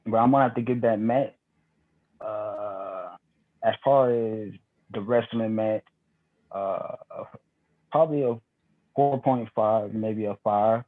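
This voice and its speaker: Male co-host, halting and filler-heavy, heard through a phone-like line. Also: on the low side. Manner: hesitant, stammering opinions with many fillers. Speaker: podcast co-host. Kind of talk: casual chat.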